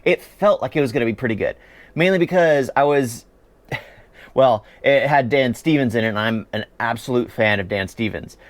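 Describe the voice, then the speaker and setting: A man's voice: medium pitch, moderate pace, no echo. A man giving a chatty, opinionated spoken review of a series, often laughing as he talks.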